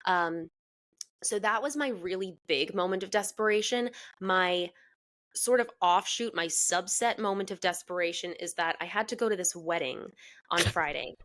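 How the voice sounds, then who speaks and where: A young adult woman co-hosting a podcast, telling a personal story in a frank, animated way, swearing freely and laughing as she goes. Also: lowish voice, moderate pace. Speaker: podcast co-host. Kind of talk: casual storytelling chat.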